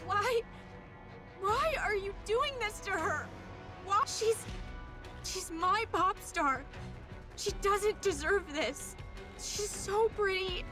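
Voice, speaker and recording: Protective young woman, game voice, emotional shouting, slow deliberate delivery. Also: very high voice, expressive, music in the background, full character voice. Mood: sobbing. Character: young woman, fierce protective friend of a pop star. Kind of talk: game voice acting.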